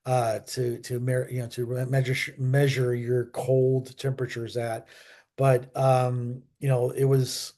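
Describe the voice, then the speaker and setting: A man's voice: mid-range voice, a little mellow. Rambling man chatting about history. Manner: rambling, many fillers and self-corrections; chatty, asks viewers to subscribe. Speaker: history channel host. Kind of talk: casual unscripted history talk.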